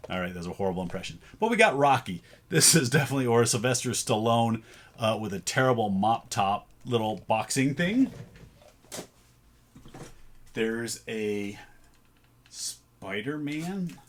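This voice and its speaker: A man's voice: medium pitch, expressive, unhurried, long pauses. A man casually chatting through a thrift haul, thinking aloud as he sorts items. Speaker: reseller showing a thrift haul. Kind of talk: casual vlog chat.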